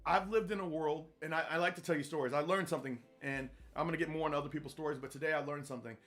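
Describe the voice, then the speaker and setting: A man's voice: fairly high pitch, fairly even intonation, racing, fairly bright tone. A man hosting a podcast, giving an earnest, repetitive motivational talk in a preacher-like manner. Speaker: podcast host. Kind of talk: motivational monologue.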